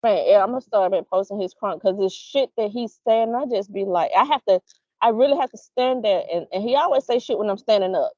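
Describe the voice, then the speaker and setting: A woman co-hosting a podcast in casual chat, blunt and profane, telling stories with animated energy. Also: medium pitch, a little fast, no echo. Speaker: podcast co-host. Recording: dull, dry lo-fi sound.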